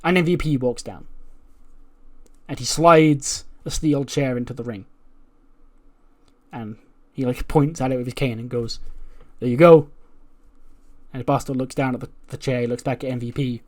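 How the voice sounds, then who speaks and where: A man's voice: mid-range voice, normal speed, pauses often. A man hosts a let's play, calling simulated wrestling matches blow by blow. His voice sits mid-range, and he drops in offhand asides between the action. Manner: lively play-by-play, with asides and swearing. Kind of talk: narrating a simulated wrestling show.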